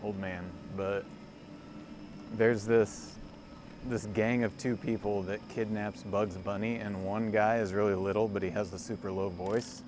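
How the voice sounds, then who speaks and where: Pedaling a cargo bike outdoors beside a lake, a man in his forties livestreams a rambling, self-amused chat with viewers. His voice is lowish and flat, a little slow, over clear background noise from the ride.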